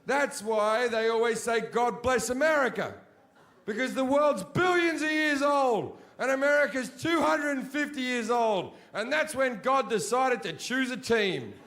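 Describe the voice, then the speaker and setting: A man's voice: very high voice, lively intonation, unhurried, hardly any pauses, fairly bright tone. A man doing a stand-up routine on a comedy stage, blunt, profane and mocking. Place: comedy stage before a live audience.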